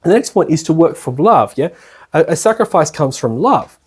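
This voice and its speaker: An Australian man lecturing in a relaxed, colloquial way, his voice a little husky and pitched slightly high for a man. He keeps checking in with the room and slips into short impressions of people. It sounds like a talk in a retreat lecture room. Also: moderate pace. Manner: chatty and colloquial, often checks in with listeners, acts out people he describes. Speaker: spiritual lecturer. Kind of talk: casual spoken lecture.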